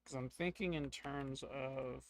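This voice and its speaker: A man's voice: medium pitch, a little slow, a little hiss or hum. A man narrating a solo tabletop game, thinking aloud with hesitations and filler words.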